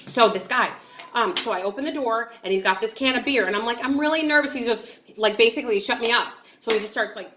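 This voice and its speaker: A woman's voice: fairly high pitch, fast talker, echoey room, noisy background. A woman from upstate New York telling a story to her viewers in a chatty, giggly way, acting out quotes and filling with likes and ums. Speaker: vlogger. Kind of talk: casual storytelling to camera.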